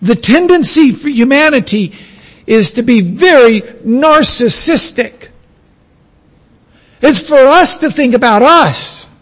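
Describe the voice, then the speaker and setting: A man's voice: extremely high pitch, lively intonation, slow, a bit bright. A man teaching a class, lecturing in a conversational way and stretching out the phrases he wants to stress.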